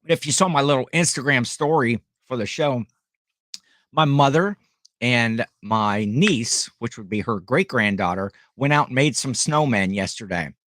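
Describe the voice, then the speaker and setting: A man's voice: mid-range voice, animated, normal speed, fairly bright tone, no echo. A middle-aged man from Ohio hosting a casual live stream at home, rambling and greeting viewers by name.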